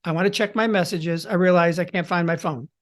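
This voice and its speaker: A man with a high voice hosts a podcast as a storytelling coach. He teaches theatrically, using dramatic pauses and swings in tempo and volume.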